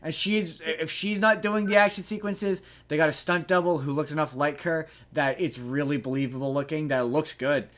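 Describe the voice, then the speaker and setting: A man hosting a podcast in a casual chat, rambling and animated, with frequent restarts and freely dropped swear words. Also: fairly high pitch, normal speed, hardly any pauses. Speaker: podcast host.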